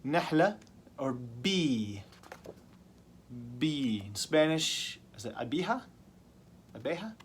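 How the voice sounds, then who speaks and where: Slow, patient man teaching vocabulary. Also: on the high side, very animated, a little hiss or hum. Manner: repeats key words and asks the class simple questions. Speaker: ESL teacher. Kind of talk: slow vocabulary lesson for language learners.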